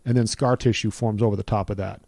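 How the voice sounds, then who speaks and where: Earnest middle-aged man, mellow voice. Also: on the low side, fairly even intonation, fast, vocal fry, no echo. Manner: earnest, preacherly build-ups with repeated phrases. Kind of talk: personal testimony in conversation.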